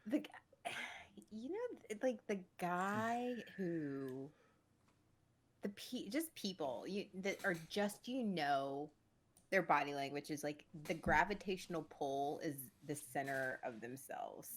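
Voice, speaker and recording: Female co-host, lowish voice that swings widely, chatty and animated. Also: slow pace. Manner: animated storytelling, trails off and restarts, laughs easily. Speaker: podcast co-host. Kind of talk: casual comedic chat.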